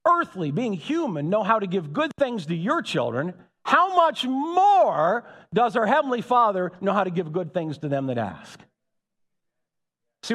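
Animated preaching man in a reverberant hall. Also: sits high. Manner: animated preaching with rising emphatic peaks. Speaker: pastor. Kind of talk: sermon.

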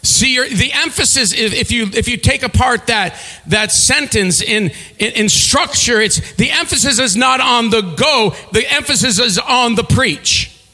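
A man preaching a sermon, telling a story with halting repeats and leading the congregation in call-and-response. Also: extremely high pitch, sharp tone, big-room sound. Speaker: pastor.

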